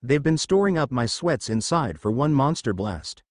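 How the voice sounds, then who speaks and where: A man voicing a cocky, hot-headed young male hero student who yells and taunts smugly, for a storybook reading. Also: medium pitch, big pitch swings, normal speed, no room sound, clean studio sound. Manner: yelling, smug taunts.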